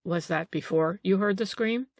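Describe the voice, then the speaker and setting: A woman voicing a calm male police detective in an audiobook, pressing with questions. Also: mid-range voice, normal speed, dry recording, close to an everyday voice. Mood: probing. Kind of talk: audiobook character reading.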